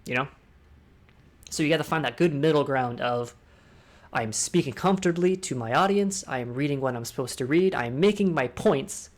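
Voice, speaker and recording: A young man hosting a casual online talk, speaking fast and rambling, swearing freely. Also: medium pitch. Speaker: discord talk host. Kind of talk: casual chat.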